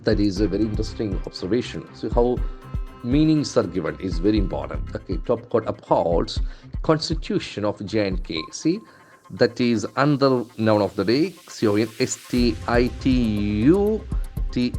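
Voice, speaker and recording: A male English trainer, not a native speaker, teaching pronunciation in a lesson, repeating words slowly and stressing their syllables. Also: fairly low pitch, sing-song, darkish tone, soft background music. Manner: stock phrases "okay, see", "very interesting".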